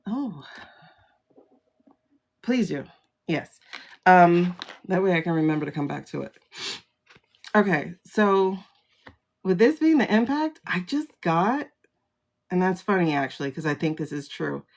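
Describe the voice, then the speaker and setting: A woman reading tarot cards live into a phone, and she takes her time, drawing her words out at an unhurried pace. She is chatty and exclamatory and greets her viewers by name between cards. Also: on the low side, big pitch swings. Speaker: tarot reader livestream host. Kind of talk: casual livestream tarot reading.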